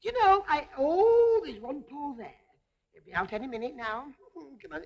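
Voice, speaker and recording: A woman with a high, lively voice that leaps up and down, playing a comic stage routine. She talks to a teddy bear as if it were a child, coaxing and fussing over it, and laughs often. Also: normal speed, lo-fi sound, crowd noise. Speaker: comic entertainer.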